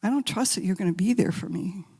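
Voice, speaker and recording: Gravelly-voiced woman speaking in a reverberant hall. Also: medium pitch, quick pace. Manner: gentle, intimate storytelling, drops to soft whispers. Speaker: guest speaker. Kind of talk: spiritual talk with guided meditation. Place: large sanctuary.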